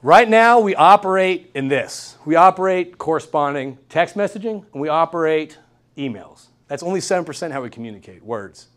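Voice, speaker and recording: Young guy lecturing a class, kinda high voice, pumped, keeps asking "all right?". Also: moderate pace. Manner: energetic, repeats key points and checks in with "all right?". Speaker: guest lecturer. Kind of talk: university workshop talk. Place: lecture room.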